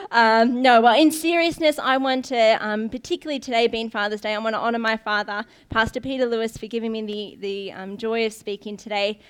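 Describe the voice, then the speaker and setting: A young woman preaches in a loose, chatty way, telling stories to her church with plenty of ums and restarts. Her voice sits a little high for a woman. She talks like she's catching up with family rather than giving a formal sermon. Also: steady tone, moderate pace, clean tone. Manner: chatty, laughs often, many ums and restarts. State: briefly tearful. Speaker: guest preacher, pastor's daughter. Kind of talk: informal sermon storytelling.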